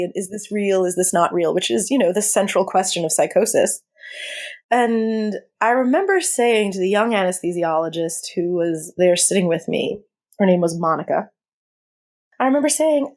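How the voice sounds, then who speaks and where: A woman of middle pitch speaks as a podcast guest, candid and conversational. She tells a personal story with easy frankness, laughter never far off. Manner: candid, lively storyteller who laughs often. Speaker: hospice chaplain guest.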